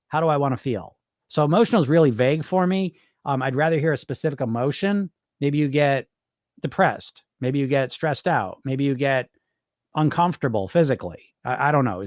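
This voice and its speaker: A man's voice: on the high side, no room sound, studio quality. A man hosting a weight loss podcast, answering viewer questions in loose, rambling chat with casual swearing. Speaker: weight loss hypnosis coach, podcast host.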